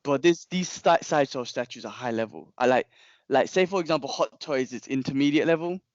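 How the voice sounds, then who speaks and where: A young man, a podcast co-host telling a long story in casual chat, animated and rambling, with frequent restarts and slang. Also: mid-range voice, brisk, no echo, dull audio.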